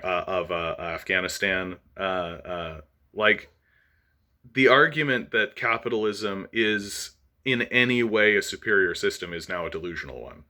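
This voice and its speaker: A man's voice: low voice, bright, forceful tone. A man from Canada hosting his own channel, delivering an impassioned political monologue full of fillers and restarts. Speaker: channel host.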